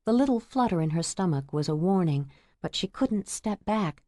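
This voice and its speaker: A woman narrating a romance novel audiobook in a measured, intimate storytelling manner. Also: fairly low pitch, expressive, mellow, no echo, clean studio sound.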